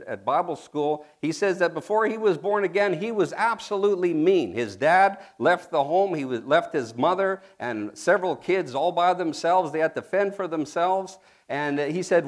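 High-voiced man preaching a sermon. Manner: emphatic, calls for congregation responses, spells out words; laughs and tears up when moved.

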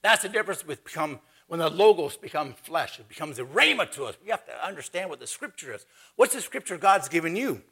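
A man preaching with a gravelly, husky edge to his voice. His delivery is conversational and animated, with lively swings in pitch. The tone is bright and forceful. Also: a little fast. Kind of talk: sermon.

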